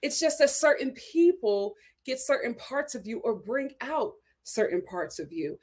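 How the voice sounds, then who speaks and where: A young woman with a light Philadelphia accent hosting a casual live-stream chat, talking in an animated way with frequent "right?" asides. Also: on the high side, a little slow. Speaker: host reviewing a reality show.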